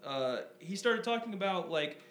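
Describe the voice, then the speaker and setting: A man's voice: high voice, normal speed. A man co-hosting a podcast, chatting casually and rambling with lots of fillers and swearing. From Southern California. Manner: animated, profane, rambling with many fillers. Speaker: podcast co-host. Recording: echoey room with faint hum.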